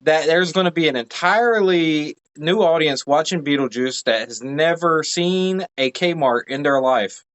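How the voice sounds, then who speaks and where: A man's voice: on the high side, a little slow, hardly any pauses, fairly bright tone, dull audio. A man hosting a podcast in casual chat, friendly and steering the conversation. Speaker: podcast host.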